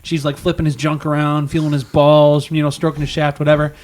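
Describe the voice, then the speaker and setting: A man's voice: fairly high pitch, fairly quick. A man on a casual podcast, telling a long joke and acting out the characters' lines. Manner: animated storyteller acting out characters.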